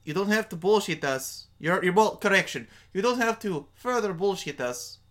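Blunt deadpan man player. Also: sits high, normal speed.

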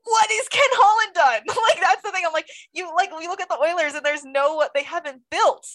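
A woman co-hosting a casual sports podcast, animated and quick, often breaking into laughter and exclaiming. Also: very high-pitched. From Toronto fan. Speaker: podcast co-host.

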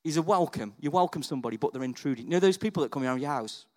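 Racing through his sermon, this preacher tells a story in a high, bright, chatty voice, often asking "right?" and "okay?". His delivery swings from hushed confidences to thrilled, almost shouted high points.

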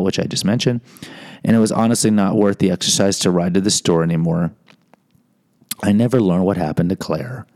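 A man's voice: fairly low pitch, darkish tone. A man hosting a podcast, telling a personal story in a candid, self-deprecating monologue with frequent restarts. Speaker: podcast host.

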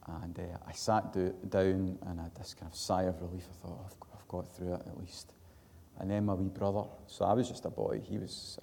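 A Scottish man preaching a sermon, telling an earnest personal story that swells to loud emphatic peaks and sinks back to quiet. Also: deep voice, creaky. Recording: long hall reverb.

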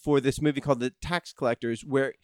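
A man's voice: medium pitch, steady tone, quick pace, a little mellow, no echo, clean studio sound. A man hosting a comedy podcast, joking and self-mocking, often stammering and restarting his sentences. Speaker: podcast host.

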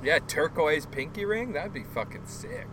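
A man's voice: on the high side, lively intonation, moderate pace, background noise. A man in a casual podcast chat, joking and laughing often. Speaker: podcast co-host.

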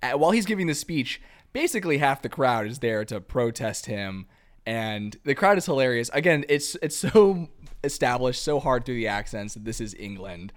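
A man's voice: mid-range voice, sing-song, normal speed. A man casually recapping a movie's plot with wry commentary. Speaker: podcast co-host.

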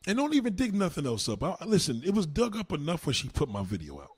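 A man's voice: on the high side, huge pitch swings, fast, husky, no room sound. A man doing a heated, mocking, heavily profane rant on his live stream. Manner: heated, mocking, swears constantly.

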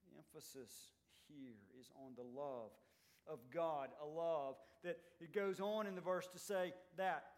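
A man preaching a sermon as pastor, swinging between loud emphatic lines and quiet, low ones. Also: lively intonation, unhurried. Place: church sanctuary.

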